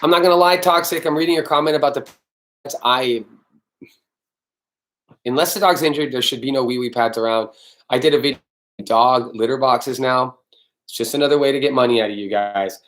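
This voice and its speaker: A man's voice: medium pitch, brisk, pauses often, a bit bright. A man hosting a casual live-stream Q&A as a dog trainer, talking bluntly, swearing freely and answering viewers by name.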